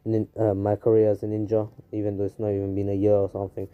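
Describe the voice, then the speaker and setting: A man's voice: fairly low pitch, monotone, fast, lo-fi sound, lightly acted. Man voicing a depressed teenage ninja boy. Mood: weary.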